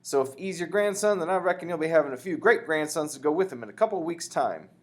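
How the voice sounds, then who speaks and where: A man's voice: a little high, expressive, quick pace, pitched above the performer's own voice, close to an everyday voice. A man voicing a chatty, oldish male taxi driver in a storybook reading. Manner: cheerful, folksy.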